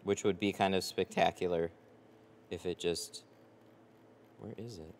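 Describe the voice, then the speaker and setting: A man's voice: low-pitched, steady tone, unhurried, a little mellow, long reverb tail, slight background noise. A man who tints car windows, chatting casually on a livestream with lots of fillers and rambling asides. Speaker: window tint installer streaming live. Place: tint workshop. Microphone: headset.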